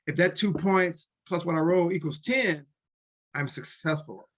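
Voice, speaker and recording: A man's voice: fairly high pitch, measured pace, a bit bright. A man in casual chat explaining tabletop game rules, often restarting sentences and briefly acting out character lines. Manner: talks in restarts, acts out short character lines. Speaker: podcast co-host explaining tabletop games.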